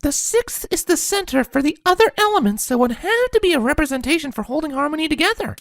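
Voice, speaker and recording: A woman puts on a hyper, bouncy female pony from a fan audiobook, chirpy and upbeat. Her voice is high and very lively, heard dry and close. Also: fast talker, no room sound.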